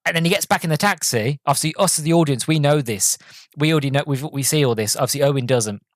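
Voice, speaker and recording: Guy rambling through a movie recap, dry close mic, pretty average pitch. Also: fast, dry recording. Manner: rambling, enthusiastic, many restarts. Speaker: podcast host. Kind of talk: casual movie review.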